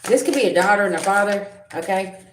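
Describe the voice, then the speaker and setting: A woman giving a livestream tarot reading, blunt and confrontational, with slangy talk and sharp comebacks to her viewers. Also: medium pitch, fast. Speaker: tarot reader. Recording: echoey room with loud background noise.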